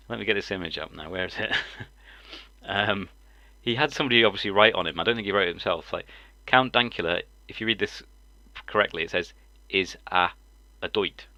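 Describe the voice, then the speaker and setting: A man's voice: lowish voice, sharp tone, dry recording. A man, a live-stream host, chatting casually, rambling and breaking into laughter often. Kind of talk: casual chat.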